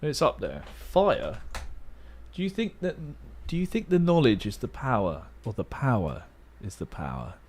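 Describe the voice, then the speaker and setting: A man's voice: mid-range voice, big pitch swings, normal speed, darkish tone, slight background noise. A young man hosting a casual livestream, muttering word guesses aloud with playful, self-mocking asides. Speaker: livestream host. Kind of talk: casual livestream chat while playing a word game.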